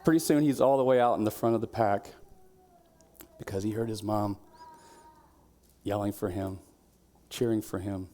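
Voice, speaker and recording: A man preaches in a church in a fairly low voice. He talks in a relaxed, conversational way and drops his voice low at times. Now and then he bursts out loud to act out a cheering crowd. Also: moderate pace, long pauses. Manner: conversational preaching, drops to quiet tones, shouts quoted cheers. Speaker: pastor. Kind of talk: sermon.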